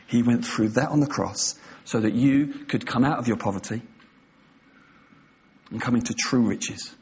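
Preaching with passion and emphasis, a man retells scenes, acts them out in quoted voices, and drives his points home. He speaks at a normal speed in a medium-pitched, slightly mellow voice.

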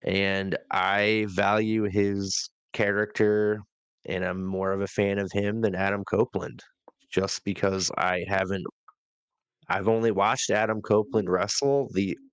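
A man co-hosting a casual wrestling review, relaxed and hesitant with many fillers. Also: on the low side, measured pace, clean tone, dry recording. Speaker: podcast co-host.

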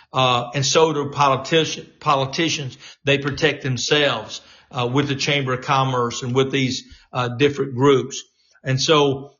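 A man's voice: mid-range voice, fairly bright tone, muffled recording. A man of sixty, a talk radio host, delivering a rambling political commentary monologue full of fillers and restarts. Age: 60s.

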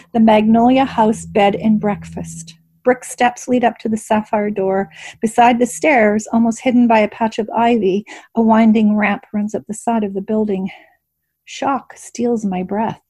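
Breathy, mellow woman narrating a story. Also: mid-range voice. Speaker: audiobook narrator. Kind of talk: first-person scripted narration.

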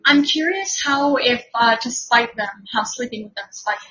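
A woman with a high voice joins the podcast chat, asking wry, probing questions. Her tone is bright and sharp, and the recording sounds muffled and lo-fi. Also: lively intonation, normal speed, reverberant. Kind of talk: casual chat. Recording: dull lo-fi audio.

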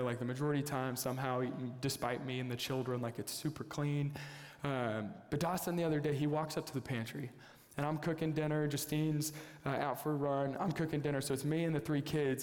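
A young man from the United States preaching a sermon as a pastor, telling a family story with lively, excitable bursts. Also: mid-range voice. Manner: storytelling, animated, jumps to loud excited bursts. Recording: long hall reverb.

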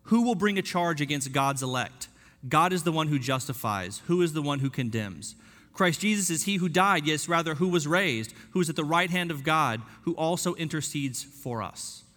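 A man preaching a sermon in an earnest, emphatic way, slowing down and dropping quiet on key points. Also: fairly high pitch, animated. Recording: long hall reverb.

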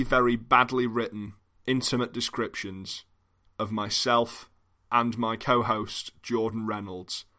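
A man's voice: on the low side, sharp tone. A British man hosting a comedy podcast, talking in a dry, wry, mock-apologetic way. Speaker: podcast host. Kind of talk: casual comedy podcast talk.

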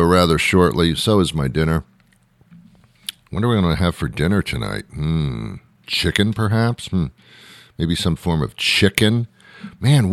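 A man's voice: extremely low pitch, dry recording, studio quality. A man hosting a show, talking in a wry, meandering monologue and laughing at his own jokes. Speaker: host. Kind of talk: rambling monologue.

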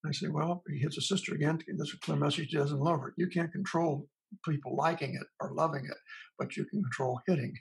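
A male psychologist, a guest in an interview, conversationally retells his talks with parents, thinking aloud and restarting. His slightly high voice is quick and steady in tone, with vocal fry and a slight roughness, and the recording quality is low.

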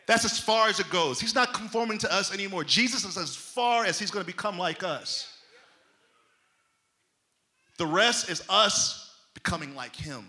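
A man delivering a sermon, his high voice pressing each point home with emphasis. The tone is very bright and cutting, and the delivery stays loose and conversational. He talks straight to the congregation, like a pastor in mid-message. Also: animated, moderate pace, pauses often. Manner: emphatic preaching, folksy and conversational.

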